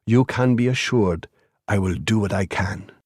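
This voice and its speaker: A man doing an earnest, measured lawyer. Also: on the low side, a little mellow, slightly rough, dry recording, clean studio sound. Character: earnest, principled male community lawyer.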